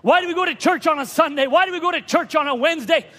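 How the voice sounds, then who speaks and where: A man's voice: very high-pitched, rapid-fire, sharp tone, voice pushed up. A man voicing a young child in a sermon, insistently questioning their father. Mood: pleading. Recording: long reverb of a church hall.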